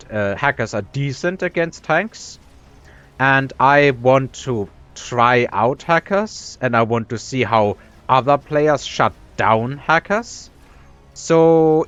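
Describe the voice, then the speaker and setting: A gaming commentator talks through his own strategy game match with his mouth full, rambling casually and poking fun at himself amid fillers and restarts. His voice is medium-pitched with a fairly bright tone, and the audio's highs are cut off.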